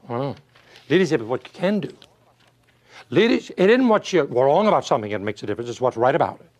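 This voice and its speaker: An older man giving a motivational talk, telling folksy stories and asking rhetorical questions, swinging from loud to hushed. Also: mid-range voice. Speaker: motivational speaker. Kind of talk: motivational speech.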